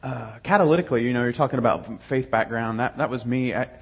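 A man's voice: mid-range voice, fast, slightly rough, highs cut off. A young adult man casually telling his personal faith story, rambling with many fillers and restarts.

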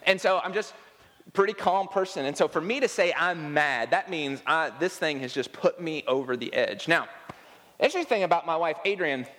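A man's voice: on the high side, lively intonation, moderate pace, fairly bright tone, long reverb tail. Man preaching a conversational sermon. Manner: conversational, self-deprecating humor, acts out quotes. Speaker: pastor. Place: church sanctuary.

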